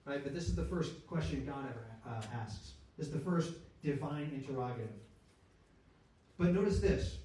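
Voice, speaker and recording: A man's voice: medium pitch, normal speed, dark tone, a little hiss or hum. Man teaching scripture in an echoey room. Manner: asks rhetorical questions, checks in with listeners; restarts and self-corrects mid-sentence. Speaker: Bible teacher. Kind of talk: conversational Bible study teaching. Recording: very echoey room, speaker far from mic.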